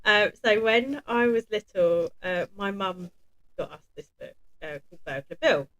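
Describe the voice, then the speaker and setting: A chatty woman in her thirties who tells stories with lots of laughter. Her pitch sits in an ordinary middle range, and she slips into playful put-on voices as she goes. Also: normal speed, fairly bright tone, muffled recording. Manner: chatty storyteller, laughs often, does funny voices. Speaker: co-host. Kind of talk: casual chat.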